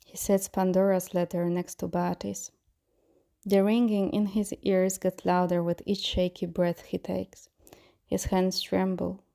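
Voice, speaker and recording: A woman narrates a fan-fiction chapter in a steady, soft reading voice. Her tone is low and mellow, with a gravelly, creaky texture. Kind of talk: story reading.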